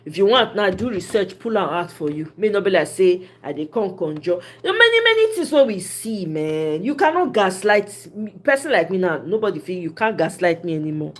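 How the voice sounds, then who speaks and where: Speaking briskly with few pauses in a mid-range voice, a Nigerian-accented woman riffs on politics casually. She slips into Pidgin English and delivers it all with animation and frequent laughter.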